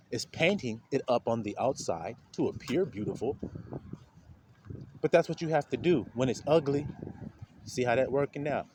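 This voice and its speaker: A man's voice: a little high, slight background noise. A man giving an informal, blunt spiritual talk, laughing often as he preaches. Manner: animated, laughing, streetwise and blunt. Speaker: spiritual speaker.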